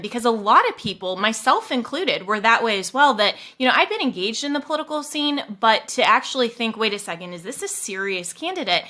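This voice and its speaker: Animated bright-voiced woman host. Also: on the high side. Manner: animated, laughing often. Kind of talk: interview conversation.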